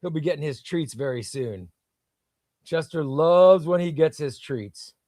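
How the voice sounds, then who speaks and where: A man's voice: a little high, expressive, a little slow, darkish tone, dry recording, clean studio sound. A man hosting a casual comics livestream, reading viewer comments in an enthusiastic, rambling way.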